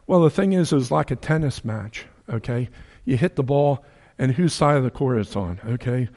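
A man's voice: mid-range voice, animated, normal speed, warm tone. A man preaching a sermon in a folksy, joking way, acting out the people in his story with big swings in his voice.

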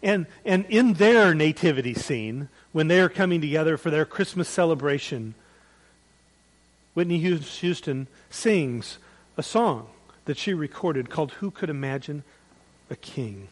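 A man preaching a sermon as pastor, swinging between loud, emphatic peaks and hushed, quiet drops. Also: fairly high pitch, expressive, unhurried, rough recording. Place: church.

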